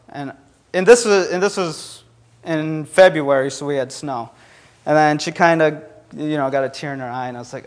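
A man's voice: fairly high pitch, moderate pace. A young man preaching a conversational sermon, earnest and sprinkled with fillers as he tells a personal story.

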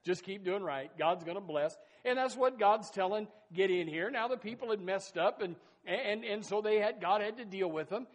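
High-voiced man preaching with emphatic swings. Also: normal speed, hardly any pauses. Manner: emphatic preaching, swinging between loud and soft, with repeated phrases; folksy, addresses listeners as folks and says amen. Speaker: pastor. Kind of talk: sermon.

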